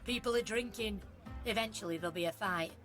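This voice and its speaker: A woman's voice: medium pitch, fairly quick, fairly bright tone, faint music behind, lightly acted. An actress with an Irish accent playing a tough female tavern fighter in a game who speaks bluntly and goads people. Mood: goading. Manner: blunt, goading.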